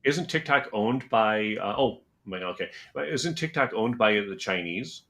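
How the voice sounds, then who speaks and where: A middle-aged man speaks in a gruff, dismissive way. His voice sits deep and low. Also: lively intonation, unhurried, bright, forceful tone. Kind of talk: casual chat.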